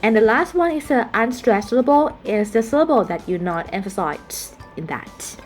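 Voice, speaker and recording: A woman's voice: on the high side, lively intonation, normal speed, darkish tone, faint music behind. Patient woman teaching phonetics. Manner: patient explaining, frequent fillers and self-corrections. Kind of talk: recorded online lesson.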